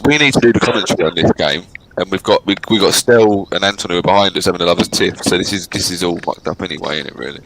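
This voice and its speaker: A man bantering through a live football stream in a bright, forceful voice at a middling pitch. Faint hiss sits under the recording. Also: rapid-fire, hardly any pauses, poor audio. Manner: jokey, mock commentary and banter. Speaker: fan channel co-host. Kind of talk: live match watchalong chat.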